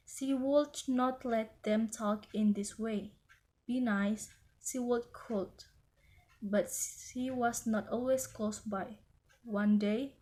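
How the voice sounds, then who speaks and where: A woman reads a children's story aloud at a slow, careful pace. Her voice is somewhat high and gentle.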